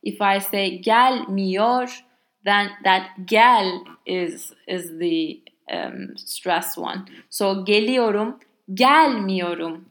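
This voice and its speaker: A woman's voice: mid-range voice, steady tone, slow, a bit bright. A woman with a Turkish accent, a native Turkish speaker, explaining grammar in a casual language lesson with many fillers and exaggerated example words. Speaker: language teacher.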